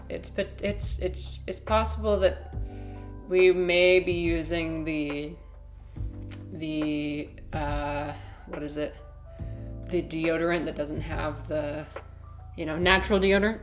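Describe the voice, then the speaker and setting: A woman's voice: lowish voice, reverberant. A woman chatting casually on a live stream, giggling and rambling with lots of fillers.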